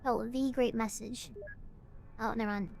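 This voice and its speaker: A woman voicing a solemn cult leader who gives a slow, grave farewell sermon while she reads game text aloud. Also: on the high side, fairly even intonation, vocal fry, darkish tone, slight background noise, voice pushed down. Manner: slow, grave, preaching delivery.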